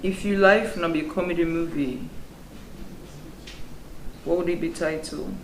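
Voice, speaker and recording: A man's voice: fairly high pitch, steady tone, a little slow. A man interviewing a comedian casually, asking playful questions and laughing along. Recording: echoey room, clear background noise.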